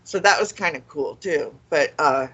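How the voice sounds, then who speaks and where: A woman's voice: sits low, moderate pace, fairly bright tone, breathy edge, lo-fi sound. A woman paranormal investigator chatting enthusiastically about her investigations. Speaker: paranormal investigator, show guest. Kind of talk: casual storytelling.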